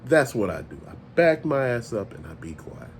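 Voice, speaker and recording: A man hosting a casual vlog, ranting in an animated, profane, conversational way and often laughing as he talks. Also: mid-range voice, moderate pace, slight background noise. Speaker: toy channel host.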